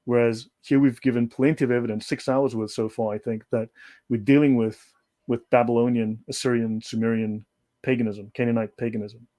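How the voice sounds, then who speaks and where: A man's voice: mid-range voice, little pitch movement, a little fast, warm tone. A man holds forth as a livestream guest, pressing each point with emphasis and circling back to restate it. His voice sits in an ordinary middle register. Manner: lecturing, emphatic, repeats points. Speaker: guest speaker. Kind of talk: livestream discussion.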